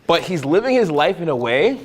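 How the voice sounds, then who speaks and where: A man teaching a live dating seminar, telling stories in an animated, profane way. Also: fairly high pitch, brisk. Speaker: dating coach.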